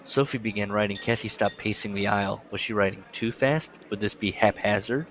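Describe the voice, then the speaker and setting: A man's voice: lowish voice, fairly even intonation, brisk, fairly bright tone. A man co-hosting a book podcast, recapping the plot and reading passages aloud in a loose, joking way. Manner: swearing, laughing, acting out lines from the book. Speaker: podcast co-host.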